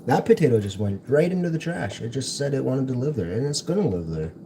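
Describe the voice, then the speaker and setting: Gravelly, lively man rambling while cooking. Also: medium pitch, quick pace. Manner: rambling, chatty, jokey asides. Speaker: livestream host. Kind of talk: casual cooking livestream chat. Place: home kitchen. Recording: noisy home livestream audio.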